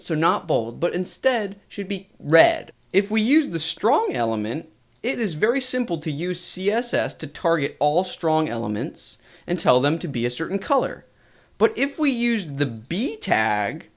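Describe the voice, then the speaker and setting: Animated man teaching web coding. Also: a little high. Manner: clear, methodical explanation. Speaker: coding instructor. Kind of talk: screen-recorded tutorial narration.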